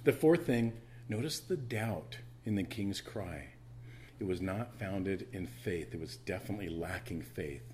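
Conversational male pastor, lowish voice. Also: expressive, a little slow, a little hiss or hum. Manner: conversational, personal asides, shifts from loud emphasis to quiet intimacy. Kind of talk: sermon.

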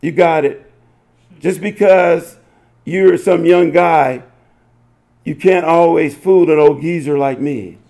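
A man's voice: a little high, takes it slowly, vocal fry, long pauses, dark tone. A man voicing a smug, shrewd old male doctor who gleefully outwits a trickster. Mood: gloating. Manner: gleeful, triumphant.

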